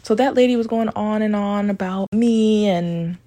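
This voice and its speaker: A woman hosting a podcast, talking in a candid, confessional way, swearing freely and keeping her voice low so she won't be overheard. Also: normal speed, dark tone. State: talking low to stay quiet. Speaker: podcast host. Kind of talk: casual confessional monologue.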